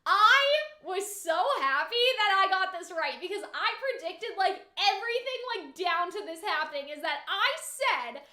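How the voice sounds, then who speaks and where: A woman's voice: very high-pitched, expressive, normal speed, few pauses, sharp tone. A woman hosting a live reaction stream in casual chat, swearing freely and filling with "like". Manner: chatty, swears freely, fills with "like". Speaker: streamer host. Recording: roomy echoey room.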